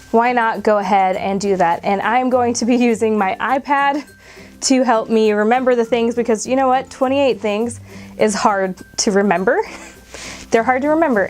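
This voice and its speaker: A woman's voice: a little high, a little mellow. A woman in her twenties talking casually to camera, emotional and close to tears, with laughs between her words. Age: 20s. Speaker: vlogger.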